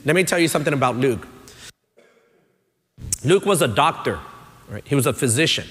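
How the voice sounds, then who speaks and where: A man pastor, preaching a sermon, who tells stories in a relaxed way and builds up to emphatic points. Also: medium pitch, brisk, long pauses. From Texas, USA. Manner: conversational storytelling, builds to emphatic. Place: church sanctuary. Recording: long church-hall reverb.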